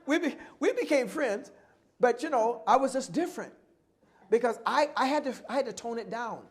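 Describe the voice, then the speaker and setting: Animated male storyteller, middle-aged, high-pitched, plays out every voice he quotes. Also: normal speed. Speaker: guest speaker. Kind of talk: live oral history talk.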